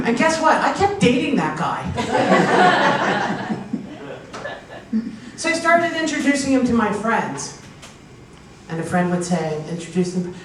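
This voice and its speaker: With a slightly high voice and big swings in pitch, a Pennsylvania woman does stand-up slowly, leaving long pauses. She narrates stories, performs the voices of their characters, and laughs at her own jokes before an audience. The recording is distant, echoey, and faintly noisy.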